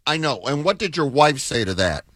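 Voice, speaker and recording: A man's voice: on the high side, sing-song, fairly quick, fairly bright tone, dry recording, studio quality. A man hosting a sports radio show, prompting his co-host with eager questions. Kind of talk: radio banter. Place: radio studio. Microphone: studio microphone.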